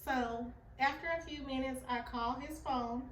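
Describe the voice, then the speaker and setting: A woman with a high voice tells a personal story in a relaxed, unhurried way, earnest and confessional. The recording is roomy and set back from the mic, with faint ambience behind her. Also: far from the mic, slight background noise. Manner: earnest, confessional, acts out quoted dialogue. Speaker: vlogger sharing a personal story.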